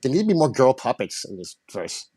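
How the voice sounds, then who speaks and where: Homme jouant une marionnette mâle nerveuse, voix aiguë et très mobile, débit rapide. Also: male voice, huge pitch swings, a little mellow, breathy edge, no room sound. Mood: bantering. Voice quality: high-pitched puppet voice. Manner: fast, stammering, laughing self-defense. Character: excitable male puppet, lovelorn and defensive. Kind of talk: casual chat.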